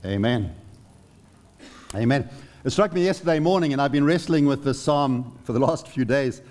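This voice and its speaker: A man's voice: a little high, fairly quick, darkish tone. A man preaching a sermon in an earnest, conversational way, asking the congregation rhetorical questions.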